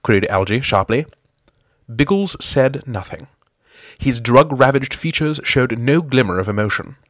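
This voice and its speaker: A man narrating a comic adventure story in a wry, deadpan storybook manner. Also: medium pitch, normal speed, dry recording, clean studio sound.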